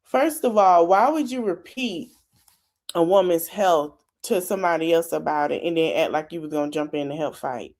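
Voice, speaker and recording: A woman's voice: fairly low pitch, moderate pace, darkish tone. A woman chiming in on a casual livestream, giving blunt, skeptical commentary. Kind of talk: casual chat.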